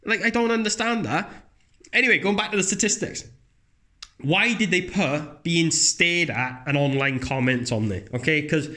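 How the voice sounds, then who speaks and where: A blunt, animated man curses his way through a rant in a casual comedic chat. When he mocks others, his voice springs up high.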